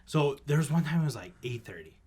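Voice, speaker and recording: A young man co-hosting a podcast tells a story with lively energy. He swears freely and slips into exaggerated voices for the people in it. His pitch swings widely as he talks. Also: fast, breathy edge. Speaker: podcast co-host. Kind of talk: casual chat.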